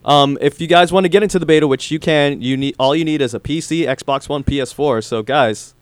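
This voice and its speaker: A man's voice: on the high side, fairly quick, clean tone, no room sound. A man hosting a casual gaming chat, laid-back and steering the topics with easy fillers. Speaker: podcast host.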